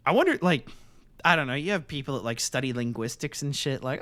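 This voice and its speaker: A man co-hosting a casual podcast, ranting loudly and excitably with plenty of swearing. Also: medium pitch, fast. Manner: loud, profane, excitable ranting. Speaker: podcast co-host.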